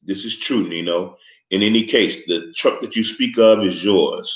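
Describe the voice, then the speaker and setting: A man's voice: fairly low pitch, lightly acted. A man voicing an older, formal crime boss who speaks with a thick accent in a storybook reading. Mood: courteous. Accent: thick foreign accent. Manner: formal, polite, unhurried speech. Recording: echoey, slightly muffled room recording.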